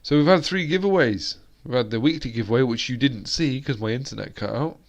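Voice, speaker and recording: A man's voice: medium pitch, a little fast, gravelly. A British man hosting a live-stream chat, rambling along with plenty of fillers and restarts. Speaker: host.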